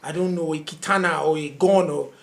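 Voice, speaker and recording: A young man from Nigeria tells stories in casual podcast chat, with a fairly high voice. He acts out what people said in different voices and keeps breaking into laughter. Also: fairly quick, gravelly. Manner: animated, acts out quotes, laughs often. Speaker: podcast guest, comedian.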